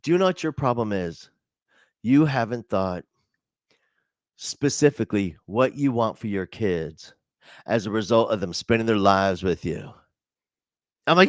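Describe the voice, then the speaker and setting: A man giving a storytelling keynote to teachers, animated and self-mocking, laughing often and jumping high in pitch when he quotes people. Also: unhurried, long pauses, dry recording, clean studio sound. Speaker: conference speaker for teachers. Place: online conference session.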